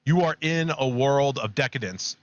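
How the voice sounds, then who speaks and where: A man co-hosting a podcast, retelling a myth in a rambling, animated way. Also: mid-range voice, normal speed, highs cut off. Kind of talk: casual chat, storytelling.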